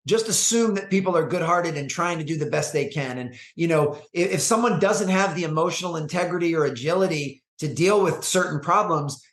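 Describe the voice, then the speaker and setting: A man speaking as a guest in an interview, measured and reflective, often restarting his phrases. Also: fairly high pitch, roomy sound. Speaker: guest, performance coach and speaker. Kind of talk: conversational interview.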